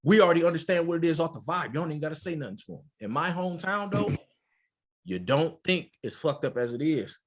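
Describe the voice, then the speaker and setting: A man from Michigan, a podcast co-host, telling a story in casual, profane and animated chat. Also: on the high side, fast talker, slight background noise. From Port Huron, Michigan.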